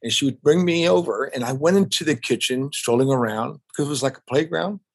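An older man, a podcast guest, recalls his family business in a warm, reflective storytelling manner. His voice is husky and a little breathy, set at an ordinary male pitch. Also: fairly quick. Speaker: guest, family restaurant owner. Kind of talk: casual interview storytelling.

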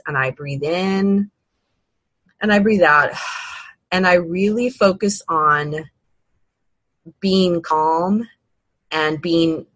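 A woman hosting a podcast, giving casual, unhurried advice with frequent fillers and restarts. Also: sits low, pushed and bright, no room sound, low-quality recording. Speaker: podcast host.

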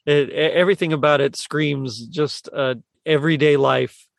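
A man's voice: fairly high pitch, fairly even intonation, creaky, no room sound. Man, podcast host, casual movie chat, rambling, many restarts, dry close sound. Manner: rambling, halting, frequent fillers and restarts.

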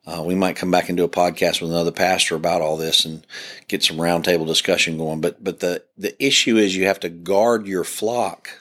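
Deep-voiced pastor talking on a podcast. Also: male voice, steady tone, fairly quick, a bit bright. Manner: earnest, preacherly, frequent restarts. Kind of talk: podcast discussion.

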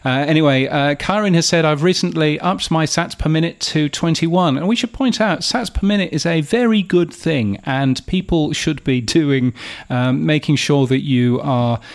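Chatty gravelly man co-hosting a podcast. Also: fairly high pitch, normal speed. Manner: chatty, self-mocking, many fillers and restarts. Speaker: podcast co-host. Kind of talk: casual podcast chat.

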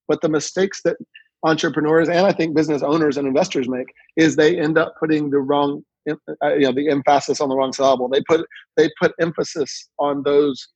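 Brief: male entrepreneur guest, husky tone, repeats words mid-thought, dull dry recording. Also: fairly high pitch, darkish tone, no room sound. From Louisiana. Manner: storytelling, repeats words when starting thoughts. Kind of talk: conversational interview.

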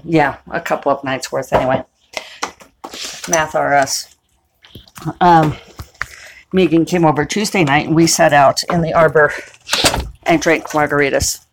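A woman's voice: deep voice, background noise. A middle-aged woman hosting a podcast, rambling casually and laughing at herself as she moves from her kitchen to outdoors. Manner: chatty, self-amused, laughs often. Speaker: podcast host. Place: home kitchen, then outdoors.

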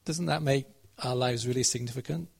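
A man's voice: mid-range voice, fairly quick, gravelly, darkish tone, breathy edge. A man preaching a conversational sermon, telling a Bible story and checking in with his listeners. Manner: conversational, asks the audience questions.

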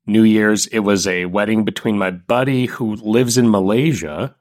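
A young man co-hosting a podcast, telling stories in a casual, animated way and acting out quotes. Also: on the low side, normal speed, no room sound, clean studio sound. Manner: animated storyteller, acts out quotes. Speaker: podcast co-host. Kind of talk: casual chat.

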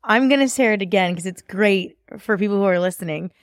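A woman's voice: medium pitch, fairly quick, dry recording, studio quality. A young adult woman hosting a podcast, chatting and playfully teasing her guest as she tells a story. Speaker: podcast host. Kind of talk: conversational podcast interview.

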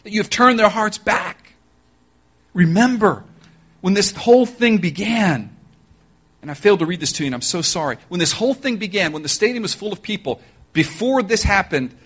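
A man preaching a sermon, telling a story with animated energy, joking asides, and direct appeals to his listeners. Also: high voice, a little fast, husky. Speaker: pastor.

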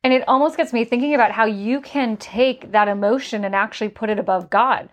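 Female podcast co-host, reflective and affirming, higher-pitched speaking voice. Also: brisk. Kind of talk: casual faith podcast chat.

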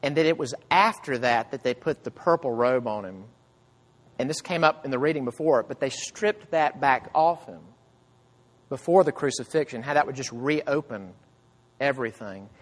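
A man preaching a sermon with earnest emphasis, swinging between loud cries and hushed low phrases. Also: normal speed, long reverb tail. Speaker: pastor.

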